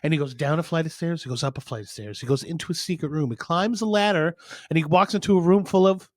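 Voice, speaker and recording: A man co-hosting a podcast, telling a long rambling joke in casual chat, with squeaky outbursts for his characters. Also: quick pace, no room sound. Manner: animated storytelling, squeaky voices for characters. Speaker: podcast co-host. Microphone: studio mic.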